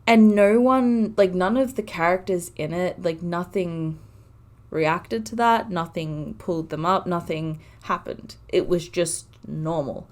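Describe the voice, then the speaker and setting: A woman's voice: fairly low pitch, a little slow. A woman in her twenties hosting a casual solo podcast, talking earnestly and from the heart with frequent "like" fillers. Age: 20s. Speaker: podcast host.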